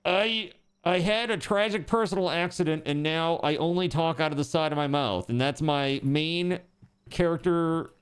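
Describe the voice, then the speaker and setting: A man putting on a mocking impression of another man who talks out of the side of his mouth, in a halting, lopsided mumble. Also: fairly high pitch, clean tone, lightly acted. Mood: mock-earnest.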